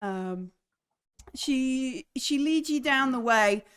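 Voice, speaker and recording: Smooth-voiced woman running a game. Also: sits high, expressive, takes it slowly, fairly bright tone. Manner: rambling with many fillers. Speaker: game master. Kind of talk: narrating a tabletop game.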